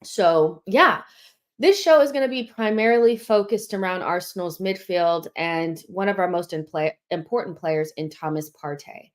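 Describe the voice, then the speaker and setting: A woman's voice: on the low side, moderate pace. A young woman hosting a live football fan stream, chatting casually, a little out of breath as she reads viewer comments. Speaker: host of a football fan show.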